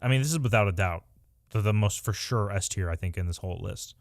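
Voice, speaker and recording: A young man co-hosting a podcast, talking in an animated, exasperated way in casual chat. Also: fairly low pitch, fast, no echo, clean studio sound. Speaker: podcast co-host.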